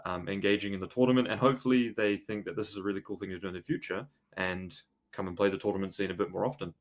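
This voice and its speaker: Male podcast host, low pitch, easygoing hedging delivery. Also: racing. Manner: relaxed, hedging with "you know" and "um". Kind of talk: casual chat.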